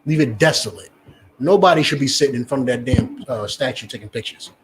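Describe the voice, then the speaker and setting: A man's voice: mid-range voice, a little fast, a little hiss or hum. A man with a New Jersey accent preaching a fiery street sermon, swearing and acting out the voices he quotes.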